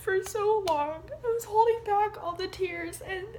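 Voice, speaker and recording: A young woman vlogging to her viewers, tearful and halting, her voice breaking as she apologizes. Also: very high-pitched, darkish tone, slight background noise. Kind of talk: personal vlog talk to viewers.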